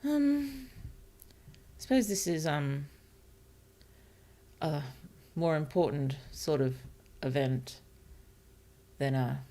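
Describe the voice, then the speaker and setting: A woman streaming as a virtual author, thinking aloud about her novel in a hesitant, musing way, with many fillers and soft laughs. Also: sits low, expressive, very slow, pauses often. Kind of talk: casual thinking-aloud livestream while writing.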